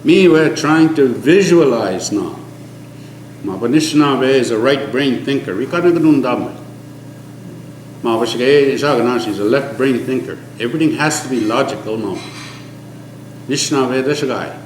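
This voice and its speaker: A man's voice: animated, normal speed, a little hiss or hum. Earnest older man in an echoey room. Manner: earnest and emphatic, often dropping to a low quiet tone. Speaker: elder giving an oral history. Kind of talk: impassioned oral testimony, mixing an Indigenous language with English. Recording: echoey room with faint ambience.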